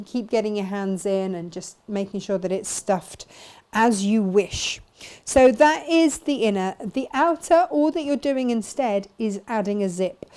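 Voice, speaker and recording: A woman's voice: mid-range voice, dark tone. A woman chatting casually as she demonstrates sewing and answers viewers' questions. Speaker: sewing teacher and shop host.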